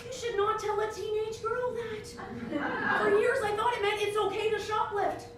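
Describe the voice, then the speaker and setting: A middle-aged woman doing a solo stand-up show, animated, breaking into song and mock voices. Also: extremely high pitch, normal speed, very noisy. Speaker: stand-up comedian. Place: theater stage. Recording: distant, echoey stage recording with music.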